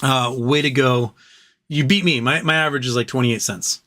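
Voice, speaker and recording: A man's voice: mid-range voice, moderate pace, background noise. A man hosting a casual livestream, reading viewer messages aloud and joking and rambling between them. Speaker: livestream host reading super chats.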